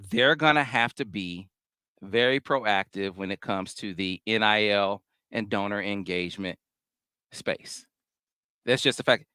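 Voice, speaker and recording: A man hosting a casual sports talk show, speaking in a measured, analytical way with frequent restarts. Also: on the low side, sharp tone, clean tone, no room sound.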